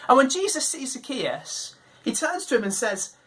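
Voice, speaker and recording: A woman's voice: sits high, moderate pace, a little hiss or hum. A woman leading an online children's Bible talk for a church, telling the story with energy and acting out the voices in it. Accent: British. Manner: animated storytelling, acts out quoted voices.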